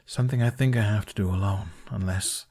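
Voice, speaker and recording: A man reading the lines of a guarded, troubled young man, speaking quietly, close to a whisper. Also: lowish voice, fairly quick, slightly rough. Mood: somber. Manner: hushed, near whisper.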